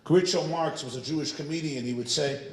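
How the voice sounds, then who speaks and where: A man's voice: a little high, brisk, reverberant. A man preaching as a rabbi in a synagogue, telling humorous anecdotes. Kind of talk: sermon with storytelling.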